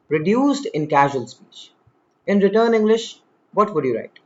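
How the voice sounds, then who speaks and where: A man teaching a spoken English lesson, slow and deliberate, exaggerating the stress on example words. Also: high voice, big pitch swings, darkish tone, dull audio.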